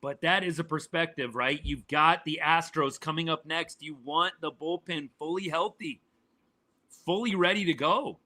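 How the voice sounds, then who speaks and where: Man, live sports reaction host, exasperated, forceful tone, slightly high voice. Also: normal speed. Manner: fired-up, exasperated, repeats points. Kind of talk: live reaction sports talk, answering chat.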